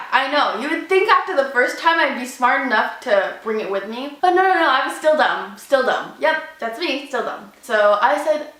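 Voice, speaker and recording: A young Canadian woman vlogger telling a story loudly and animatedly, acting out each moment with lots of "like"s. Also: sits high, reverberant, low-quality recording. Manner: loud, animated, dramatic retelling with many "like"s. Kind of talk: casual storytime.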